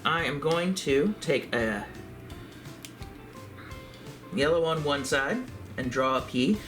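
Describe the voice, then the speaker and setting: A man giving a calm, step-by-step craft tutorial for a library. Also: a little high, slow pace, faint music behind.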